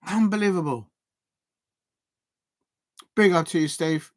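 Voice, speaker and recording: A South London man's voice sits high as he slowly chats on his football watch-along stream, rambling casually and muttering to himself while typing. The audio has no echo.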